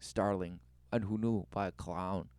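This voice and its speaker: Man commentator, mocking and preachy, smooth resonant mid voice, dry close sound. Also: low voice, fairly even intonation, a little slow, darkish tone, no echo. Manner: mocking, exclamatory, rhetorical questions. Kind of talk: religious commentary over video clips.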